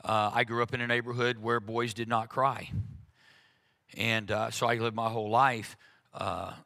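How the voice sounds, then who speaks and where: Man, preacher, conversational sermon, earnest and frank, frequent fillers, very bright voice, medium pitch. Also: little pitch movement, moderate pace, vocal fry.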